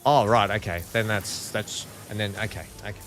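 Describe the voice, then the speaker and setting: An Australian man hosts a multiplayer game stream, chatting casually with teammates, asking lots of questions, and laughing easily. His lowish, a-bit-bright voice moves fairly quickly with fairly even intonation, and soft music plays behind.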